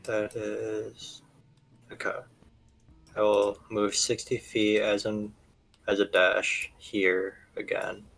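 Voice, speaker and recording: A man's voice: lowish voice, monotone, takes it slowly, creaky, fairly bright tone, faint music behind, poor audio. A man playing a tabletop game over voice chat, thinking aloud and sounding unsure of the rules. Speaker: player.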